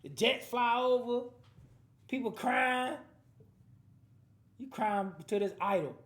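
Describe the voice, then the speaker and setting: A man's voice: very high-pitched, slow pace, a bit bright. Slangy man teaching scripture, roomy echo. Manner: slangy, street-talk asides. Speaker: Bible class teacher. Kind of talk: lively scripture commentary. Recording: roomy echoing room.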